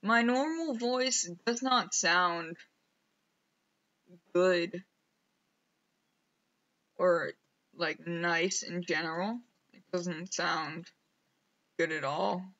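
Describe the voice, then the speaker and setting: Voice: mid-range voice, very slow, long pauses, bright, forceful tone, muffled recording. A streamer rambling casually over gameplay, mumbling to themself and poking fun at themself, on a headset mic. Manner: self-mocking.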